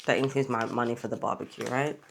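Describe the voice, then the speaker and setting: Tired rambling woman with a low, gravelly voice. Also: fairly even intonation, quick pace, a little hiss or hum. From England. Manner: rambling, chatty, talks while counting cash. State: tired, yawning. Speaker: budgeting vlogger. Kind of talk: casual budget vlog chat.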